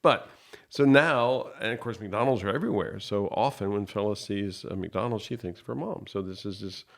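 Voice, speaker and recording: A man co-hosting a podcast, explaining his thoughts in a thoughtful, measured way. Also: lowish voice, creaky. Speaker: podcast co-host. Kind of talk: reflective podcast conversation.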